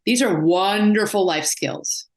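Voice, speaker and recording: A woman's voice: mid-range voice, unhurried. A woman psychotherapist and life coach talking in a casual interview, telling stories and acting out the voices of people she quotes. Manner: animated storyteller, acts out quoted voices.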